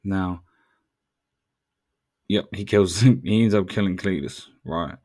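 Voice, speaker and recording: A man from New Zealand with a matching accent and a fairly low voice, hosting a casual podcast monologue. He talks straight to the listener in loose, slangy, profane speech. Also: takes it slowly, mellow. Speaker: podcast host.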